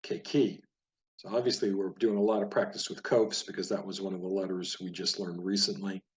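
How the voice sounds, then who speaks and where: Hebrew teacher, man, low-pitched and patient, repeats words slowly for learners. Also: little pitch movement. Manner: patient, explanatory, repeats each word slowly. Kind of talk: casual spoken lesson over a page of words.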